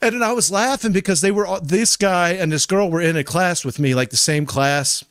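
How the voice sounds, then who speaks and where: A man's voice: sits high, brisk, a bit bright, dry recording, clean studio sound. A man in his forties, a podcast host, casually telling a story and swearing freely as he acts out what people said.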